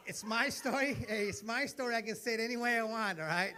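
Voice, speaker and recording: A man's voice: very high voice, fast talker, pushed and bright. A man, telling stories in a brash, profane stand-up comedy set. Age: 40s. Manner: brash, profane storytelling with acted-out dialogue.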